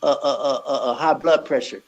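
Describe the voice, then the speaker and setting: A man who owns a gym and works as a personal trainer, talking earnestly in an interview with many halting restarts. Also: mid-range voice, highs cut off. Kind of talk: conversational interview.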